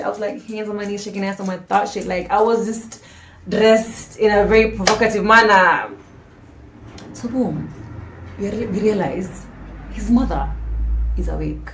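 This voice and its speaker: Animated woman telling a story. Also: medium pitch, slight background noise. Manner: animated, dramatic, slangy, drops to hushed asides. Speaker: storytime vlogger. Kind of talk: casual storytelling to camera. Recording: roomy echo.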